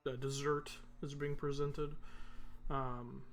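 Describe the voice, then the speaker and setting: A man narrating a tabletop role-playing game as game master, often pausing with ums and uhs. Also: medium pitch, little pitch movement, a little hiss or hum. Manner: hesitant, many ums and uhs.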